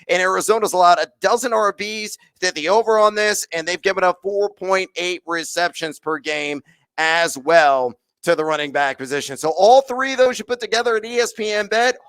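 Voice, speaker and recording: A man hosting a solo sports betting podcast, rattling off stats with exuberant whoops and shouts. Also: on the high side, clean tone, no echo. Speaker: podcast host.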